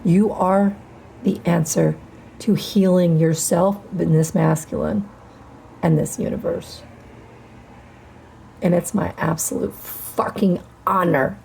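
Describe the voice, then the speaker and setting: Slow, gravelly woman preaching defiance. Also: fairly low pitch, fairly even intonation, mellow, a little hiss or hum. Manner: defiant, profane, drawn-out emphatic phrasing. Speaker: spiritual channel host. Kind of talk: spiritual monologue to camera.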